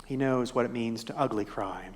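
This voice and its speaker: A man preaching a sermon as pastor, gentle and reflective, posing soft rhetorical questions to the congregation. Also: medium pitch, moderate pace. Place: church sanctuary. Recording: long hall reverb.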